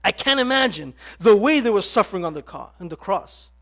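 Male pastor with a very high voice. Delivers an impassioned sermon with halting restarts and sudden loud emphasis. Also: animated.

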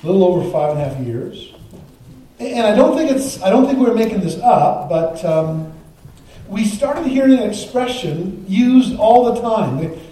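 A man's voice: high voice, lively intonation, measured pace, warm tone. A male pastor praying and then preaching a sermon in a conversational way, with frequent restarts and asides. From Canada. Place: church sanctuary. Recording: very echoey church from a distance.

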